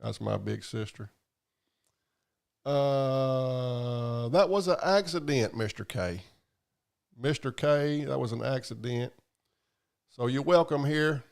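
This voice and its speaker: A livestream host chats casually and profanely as he reads viewer comments, rambling along in a drawl. His medium-pitched voice moves slowly, with vocal fry and long pauses.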